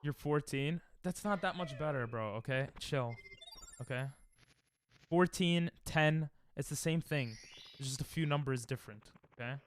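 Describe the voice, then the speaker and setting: Streaming a game live from home into a desk mic, a young man with a slightly high voice speaks at normal speed amid slight background noise. He trades crude, sarcastic jokes with chat and lashes out at the game in frustration.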